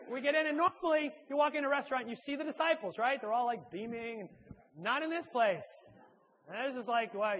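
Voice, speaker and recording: A man, a church speaker and author, telling a humorous personal anecdote in a halting, self-deprecating way. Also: very high voice, a bit bright, a little hiss or hum.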